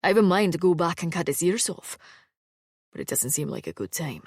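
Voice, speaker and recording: A woman voicing an immortal male swordsman who speaks in a low, quiet, dryly amused undertone. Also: very animated, normal speed, slightly rough, dry recording, studio quality, exaggerated voice. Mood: hushed. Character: gruff immortal male swordsman, dry wit.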